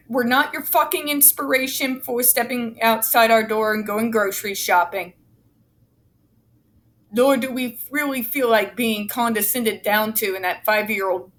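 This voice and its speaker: A furious woman picks apart a report line by line, blunt and sarcastic and swearing hard. Her voice sits a little high and she talks slowly, leaning on each word. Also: a bit bright. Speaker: autistic advocate commentator. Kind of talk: angry commentary reading a report aloud.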